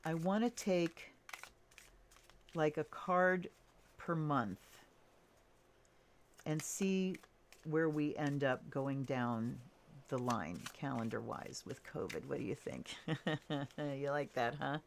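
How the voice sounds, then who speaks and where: Casting note: low-voiced woman, slow and easygoing, casual tarot reader talking to camera. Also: gravelly, a little hiss or hum. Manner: relaxed, thinking aloud with fillers and soft laughs.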